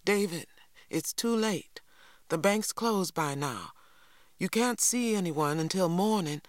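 A man voicing a worried, sharp-tongued farm wife in a higher, urgent voice. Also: animated, slow pace, no echo, studio quality. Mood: pleading.

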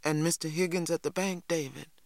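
A man voicing a pious, worried old grandmother in a raised, slow voice. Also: fairly high pitch, fairly even intonation, creaky, dry recording.

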